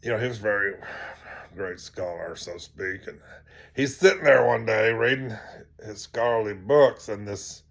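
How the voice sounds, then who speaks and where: A man's voice: fairly low pitch, normal speed, gravelly. A man teaching by telling a story in a rambling way with many fillers, sometimes dropping to a near-whisper. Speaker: teacher of tantric practice.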